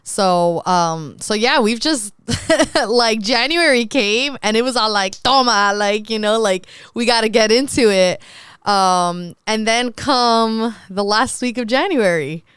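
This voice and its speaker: Chatty young woman, crisp dry voice. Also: a little high, slow pace, fairly bright tone, no echo. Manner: chatty, laughs often, many "like" fillers. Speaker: podcast co-host. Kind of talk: casual chat.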